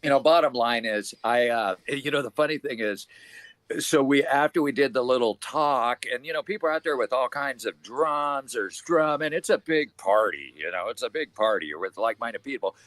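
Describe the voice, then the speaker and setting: A man from Hawaii, a protest organizer, telling stories in an animated, casual way on a video call. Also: mid-range voice, normal speed, no echo. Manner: animated storyteller, chants loudly when retelling. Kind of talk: casual livestream chat.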